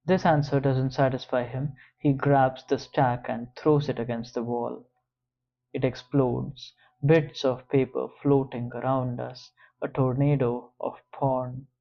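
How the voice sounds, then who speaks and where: Male audiobook narrator, slow deliberate first-person read, slightly muffled audio. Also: medium pitch, level tone, creaky.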